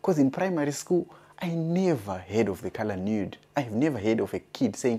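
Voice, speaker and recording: Male stand-up comic; mellow, slightly husky, deadpan storyteller. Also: mid-range voice, normal speed. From Zimbabwe. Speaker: stand-up comedian. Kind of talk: stand-up comedy.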